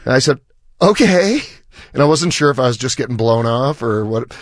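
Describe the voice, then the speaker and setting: Talking fast in a medium-pitched voice, a musician guest on a radio show recounts a long story and acts out its quoted dialogue with animation. The audio is clean studio sound without echo.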